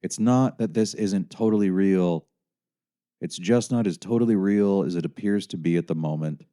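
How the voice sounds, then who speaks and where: A young man, the author himself, narrates his own story in the first person for an audiobook, sounding wry, weary and sardonic. His voice is low-pitched and mellow at a normal speed.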